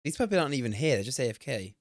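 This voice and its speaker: A young man streaming a game, talking excitedly, swearing and laughing at himself. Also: mid-range voice, rapid-fire, no echo, clean studio sound. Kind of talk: live-stream gameplay commentary.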